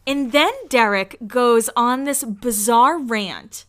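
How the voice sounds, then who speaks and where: A woman's voice: fairly high pitch, fairly bright tone. A young woman hosting a podcast, recapping a reality show in a chatty, casual way and briefly mimicking the people she talks about. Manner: chatty, heavy use of "like", quick mimicry of the people she discusses. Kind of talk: casual chat.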